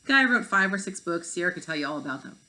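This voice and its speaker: A woman's voice: lowish voice, expressive, fast, bright, forceful tone. A woman voicing a laid-back young boy, talking casually and offhandedly. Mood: offhand.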